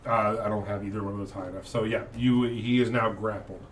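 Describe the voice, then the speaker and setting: A man's voice: on the low side, level tone, fairly quick, recorded from a distance. A man narrating a tabletop role-playing game as game master, laughing often.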